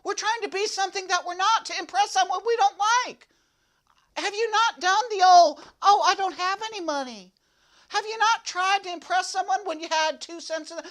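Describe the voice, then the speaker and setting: A man's voice: very high-pitched, pushed and bright. A man playing a boastful, goofy young slacker in a comedic devotional monologue, rambling and repeating himself to grab attention. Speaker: devotional speaker.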